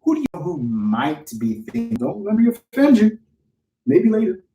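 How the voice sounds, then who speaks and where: A man runs a live training session for real estate agents, talking bluntly and swearing freely. His voice sits fairly high and jumps around a lot. The sound is roomy, with the mic set back from him. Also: moderate pace, far from the mic, faint music behind. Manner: blunt, profane, animated. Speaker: real estate sales coach. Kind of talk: live-streamed training talk.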